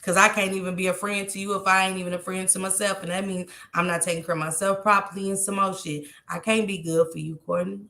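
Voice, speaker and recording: Tearful woman vlogger, bright echoey voice. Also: mid-range voice, little pitch movement, quick pace, hardly any pauses. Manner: heartfelt, repetitive, speaks straight to her viewers. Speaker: live-stream vlogger. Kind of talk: emotional live-stream talk to viewers.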